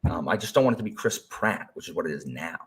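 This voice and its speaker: A young man with a low voice chats loosely with his viewers on a live stream. He rambles between topics with plenty of fillers and restarts, and his pitch swings widely as he gets worked up. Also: fast, slight background noise. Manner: rambling, animated, lots of fillers. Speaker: teacher. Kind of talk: casual stream chat.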